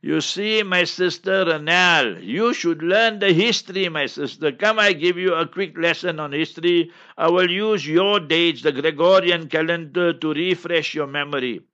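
A man's voice: on the high side, normal speed, hardly any pauses, sharp tone, muffled recording. A man, a mufti answering listener questions on a Q&A show, lecturing in an emphatic, instructive way and repeating his key points. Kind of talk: radio Q&A lecture.

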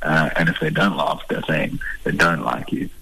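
A man from the Eastern Cape, a stand-up comedian talking in a relaxed, hesitant, self-deprecating way in a radio interview. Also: extremely low pitch, normal speed, vocal fry, crowd noise, rough recording. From Eastern Cape, South Africa. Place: radio studio.

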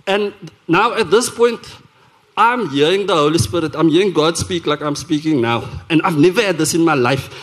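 A South African man telling his testimony from the pulpit, his voice sitting a little high for a man. He tells it as an earnest, animated story, often stumbling and restarting his sentences as he goes. It has the feel of a church service. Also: normal speed. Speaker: worship leader giving a testimony. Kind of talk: sermon testimony told as a story.

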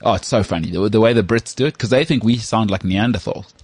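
A man from South Africa with a South African accent, co-hosting a casual podcast chat in an animated, opinionated way. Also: on the low side, quick pace, breathy edge, dry recording. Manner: animated, opinionated, repeats words when starting. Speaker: podcast co-host.

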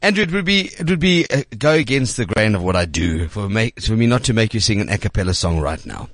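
A man's voice: lowish voice, very animated, fast talker, fairly bright tone, no room sound. A man hosting a radio show, chatting upbeat with frequent fillers. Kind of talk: casual radio chat.

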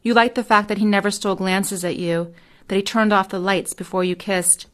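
A woman's voice: mid-range voice, steady tone. Woman reading literary fiction aloud. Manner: measured, second-person narration. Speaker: novelist reading her fiction.

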